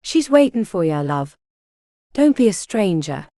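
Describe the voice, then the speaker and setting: A woman voicing a lazy, easygoing tabby cat with a Cockney accent, in a low drawl. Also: very animated, unhurried, dark tone, dry recording, clean studio sound.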